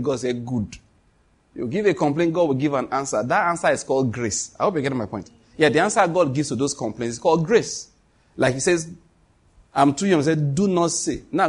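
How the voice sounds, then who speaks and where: A man's voice: on the high side, husky. A man preaching a sermon, telling a story and acting out the dialogue between God and the prophets.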